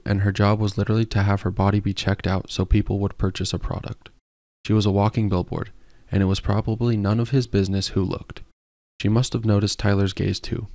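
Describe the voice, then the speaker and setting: Male narrator, scripted narration, steady, low-pitched, dry studio sound. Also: dry recording. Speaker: audiobook narrator.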